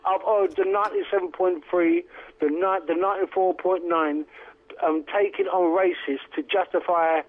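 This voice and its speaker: A man's voice: sits high, steady tone, normal speed. A man calling into a talk radio show, talking emphatically and rambling with many restarts. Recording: phone line on radio.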